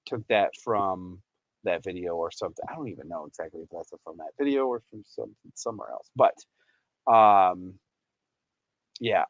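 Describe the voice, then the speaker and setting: A man's voice: on the low side, dry recording, lo-fi sound. A man hosting a casual livestream, chatty and rambling, laughing often and reading out chat messages. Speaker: livestream host.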